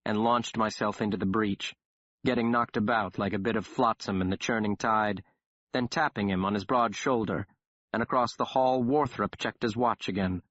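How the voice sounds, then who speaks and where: A man reads a first-person audiobook in a lowish voice, wry and dramatic as he tells it. The recording is dry, with no room sound, and a little dull and muffled. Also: fairly even intonation, moderate pace, a bit bright, no room sound. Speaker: audiobook narrator.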